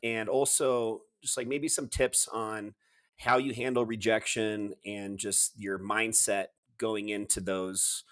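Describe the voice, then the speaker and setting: A man's voice: lowish voice, level tone, slow pace, a bit bright. A man hosting a podcast, asking long, rambling questions with many fillers. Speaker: podcast host. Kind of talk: casual interview questions.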